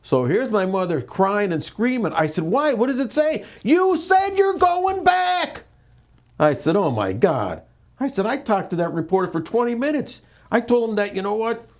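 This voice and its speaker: Animated man, higher voice. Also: normal speed. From northeastern Pennsylvania. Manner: animated, repeats words, acts out quotes. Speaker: interview guest. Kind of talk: candid interview storytelling.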